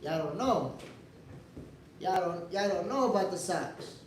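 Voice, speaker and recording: A man from New York City with a New York accent, hosting a boxing show as a casual livestream chat from home, animated and talking straight to his viewers. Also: high voice, unhurried, a little hiss or hum. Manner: animated, repeats himself, talks straight to viewers. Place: home, at the Dominican Republic.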